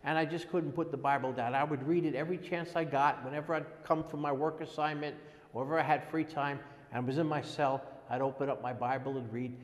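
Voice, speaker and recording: A man in his sixties, an interviewee giving a halting, earnest personal testimony and often repeating words as he goes. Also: fairly high pitch, steady tone. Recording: long echoey reverb.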